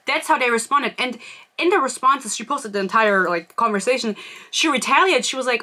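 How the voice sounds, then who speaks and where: A young woman from Germany chats casually as a podcast host, spinning gossip in a loose, rambling way. Her voice is bright and clear, and her sentences are packed with fillers. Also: fairly high pitch, lively intonation, brisk. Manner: chatty, gossipy storytelling with frequent "like" fillers. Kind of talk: casual chat.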